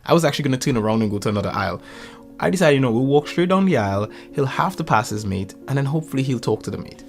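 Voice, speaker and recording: A man chats casually and tells stories, acting out each quoted line. His pitch swings widely as he goes, and faint music plays underneath. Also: very fast, gravelly. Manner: animated storyteller, acts out quotes. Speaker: podcast guest. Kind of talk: casual chat.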